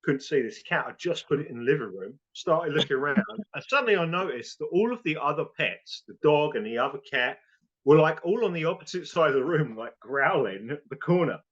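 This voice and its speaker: A man tells a funny anecdote in a casual, animated way. His voice is a little higher than usual and rises and falls a lot. The recording sounds muffled and lo-fi. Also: brisk, slightly rough. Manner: animated anecdote with acted-out quotes. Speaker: family member telling a story. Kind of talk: casual storytelling. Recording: dull lo-fi recording.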